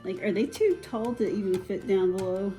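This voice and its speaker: A woman chatting casually at home, answering in quick, short replies. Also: mid-range voice, warm tone, faint music behind. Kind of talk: casual chat.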